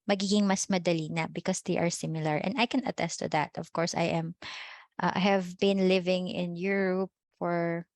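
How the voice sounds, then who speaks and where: A woman's voice: on the low side, steady tone, normal speed, a little mellow, dry recording. Filipino woman teacher, dry close sound. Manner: switches between English and Filipino, checks in with "okay?" and "no?". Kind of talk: online class lecture.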